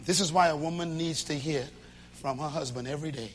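A man preaching a sermon to a church congregation, emphatic, with loud bursts and low asides. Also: brisk, a little hiss or hum.

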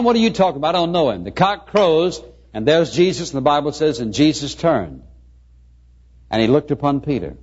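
A male preacher delivers his sermon, dropping low and quiet, then climbing to emphatic peaks. His voice sits in an ordinary middle pitch, and the recording sounds dull and muffled. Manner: dramatic swings between soft and emphatic.

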